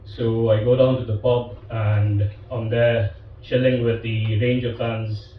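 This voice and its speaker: A man's voice: medium pitch, level tone, slow. A man telling stand-up stories in an easygoing, self-mocking way, picked up from far off in a very echoey live room. The sound is a bit dull and muffled, with faint background noise and audience laughter. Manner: laid-back, self-deprecating with frequent fillers. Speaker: stand-up comedian. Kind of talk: stand-up storytelling.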